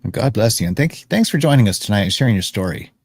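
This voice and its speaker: A man hosting a livestream talk show, calm and affirming, with frequent ums. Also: on the low side, fast, breathy edge, no room sound, clean studio sound. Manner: calm, affirming, filler-heavy. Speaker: host.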